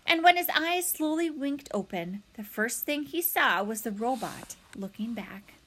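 Animated woman reading a storybook. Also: a little high, a little slow, slight background noise. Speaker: narrator.

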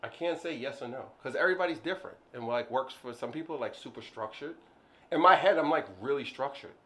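A man talking casually about his business, rambling and playful, with lots of "like, I don't know" and sudden jumps when he jokes. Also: quick pace. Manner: animated, jumps high when joking. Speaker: business owner, co-host. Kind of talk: casual chat.

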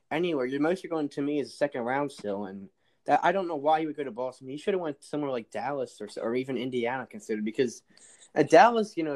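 A man's voice: mid-range voice, darkish tone. A man guesting on a casual sports chat, opinionated and often restarting his sentences.

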